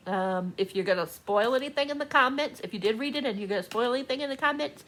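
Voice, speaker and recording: A woman chatting casually in a book vlog, gushing and excitable, laughing often, talking from a room at home. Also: a little high, quick pace. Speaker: book vlogger. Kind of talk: casual reading vlog chat. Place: home room with door open.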